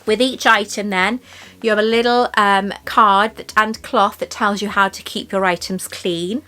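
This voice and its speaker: A woman's voice: mid-range voice, fairly bright tone. A woman chatting to her camera as she unboxes jewellery, gushing and emotional. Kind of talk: casual unboxing chat.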